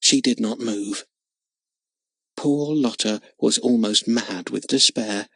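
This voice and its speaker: A man's voice: lowish voice, slow, breathy edge, no room sound. Man reading a children's storybook aloud. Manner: expressive, dramatic reading. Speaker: audiobook narrator. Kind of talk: storybook narration.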